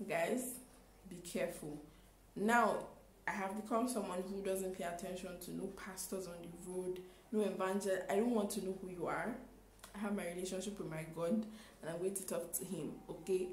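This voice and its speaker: A young woman, telling a storytime in an animated, exclaiming way with acted-out quotes. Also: lowish voice, roomy sound, slight background noise, low-quality recording. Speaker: vlogger. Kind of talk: storytime vlog.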